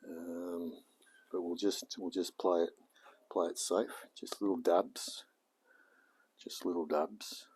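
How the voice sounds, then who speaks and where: Deep, slightly mellow, and a bit rough, this Australian man's voice accompanies a live stream of his hobby car repairs. He jokes, chats loosely, and mutters to himself while working.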